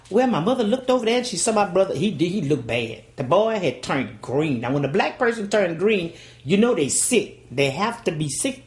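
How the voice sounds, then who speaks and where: Woman, older Southern storyteller, low voice that swings widely, folksy and dramatic. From Louisiana, USA. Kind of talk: oral storytelling.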